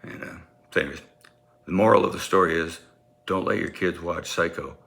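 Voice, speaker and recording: A man telling a comic personal story in an animated way, acting out sounds and voices. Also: deep voice, brisk, vocal fry.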